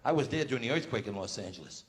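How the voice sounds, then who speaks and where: A man doing a live stand-up routine with brash, rapid-fire joke telling on a large stage. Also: mid-range voice, expressive. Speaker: stand-up comedian. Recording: roomy live hall with faint noise.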